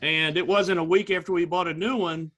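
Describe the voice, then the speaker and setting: A man's voice: high-pitched, steady tone, brisk, a bit bright. A married man co-hosting a podcast, telling a rambling personal story with frequent restarts and laughs. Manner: rambling, laughing, self-correcting. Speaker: podcast co-host. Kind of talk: casual storytelling chat.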